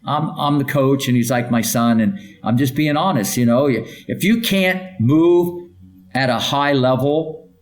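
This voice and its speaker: An older man, a tennis coach, recounts his stories in an emphatic, punchy way. He rattles off lists of names and keeps checking in with "okay?", at an ordinary, mid-range pitch. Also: unhurried. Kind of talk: podcast interview storytelling.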